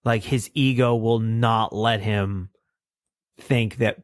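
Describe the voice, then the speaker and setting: A man's voice: fairly low pitch, steady tone, takes it slowly, no echo, clean studio sound. A man co-hosting a podcast, chatting casually about cartoons, rambling and laughing at his own stories. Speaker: podcast co-host. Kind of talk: casual chat reviewing cartoons.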